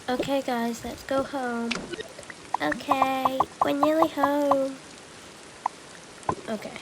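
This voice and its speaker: A woman's voice: high voice, level tone, slow, long pauses. A young woman voicing a playful doll-game family skit, switching between character voices, with rain noise behind. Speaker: roleplay video maker.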